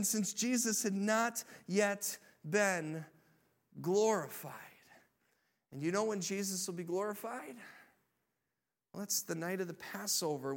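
A man preaching a sermon as pastor, energetic, rallying the congregation and building to loud proclamations. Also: sits high.

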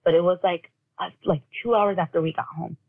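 A woman with a gravelly, husky voice tells her own story as an interview guest. She talks in a halting way full of fillers, and she acts out what family members said. The audio is thin and phone-like. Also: lowish voice, fairly even intonation. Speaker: guest, bereaved mother. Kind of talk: personal storytelling in conversation.

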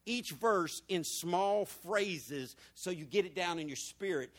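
A high-voiced man delivers a sermon. He asks the congregation question after question, climbing in pitch and volume on the repeated phrases, then sinking to a low murmur. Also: expressive, slow pace, a bit bright. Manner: preaching with big swings in pitch and volume, rhetorical questions to the congregation. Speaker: pastor.

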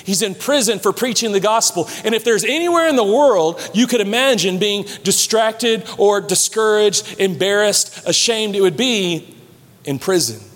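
A man preaching a sermon as pastor, animated, dropping low and slow to stress points. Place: large church hall. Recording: long hall reverb.

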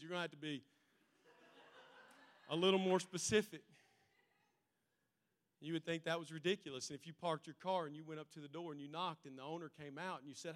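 Brief: male pastor, high bright voice, animated storytelling sermon, long hall reverb. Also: fast, long pauses. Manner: animated storytelling, swings between loud and quiet.

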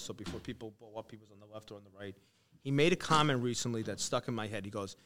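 A man's voice: mid-range voice, fairly bright tone. A man hosting a casual conversation, telling stories animatedly and acting out the people he quotes. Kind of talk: casual chat.

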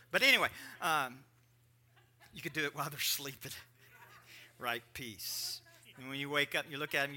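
A man's voice: fairly high pitch, bright, forceful tone, a little hiss or hum. A middle-aged man preaching a sermon as pastor, emphatic, with joking asides to the congregation.

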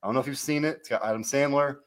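Man, podcast host, casual chat, animated, rambling, mid-pitch voice. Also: very fast. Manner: rambling, animated, self-interrupting. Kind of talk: casual wrestling recap chat.

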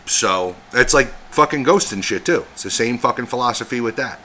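A man co-hosting a casual podcast, swearing constantly and rambling with animated energy. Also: mid-range voice, brisk, slight background noise. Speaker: podcast co-host.

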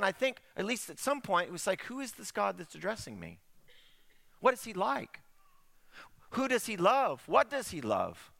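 A man's voice: high voice, vocal fry, bright, forceful tone. A middle-aged man preaching a conversational sermon, full of rhetorical questions. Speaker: pastor.

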